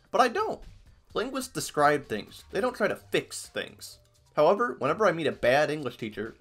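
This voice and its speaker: A man's voice: medium pitch, fairly bright tone. A man from Iowa, narrating an educational video in a casual, joking way. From Iowa, US Midwest. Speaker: video essay host. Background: faint background music.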